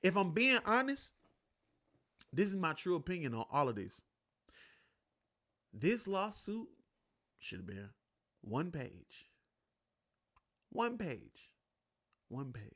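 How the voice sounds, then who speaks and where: A man's voice: high voice, very animated, a little slow, long pauses, pushed and bright. A man hosting his own sports talk show, rambling loosely and profanely in a casual solo chat. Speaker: podcast host.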